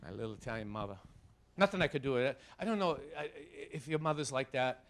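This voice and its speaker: A man with a Boston accent doing a stand-up comedy routine, telling stories animatedly, acting out the people in them and shouting the punchlines. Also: mid-range voice, fast talker, a little hiss or hum. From Boston area, USA. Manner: animated storytelling, acts out quoted voices, shouting punchlines.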